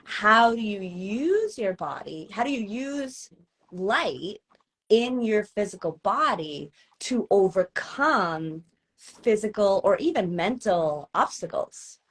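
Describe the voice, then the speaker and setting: A woman hosting a podcast, reflective in casual interview chat, thinking aloud with pauses. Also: medium pitch, very animated, slightly rough. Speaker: podcast host.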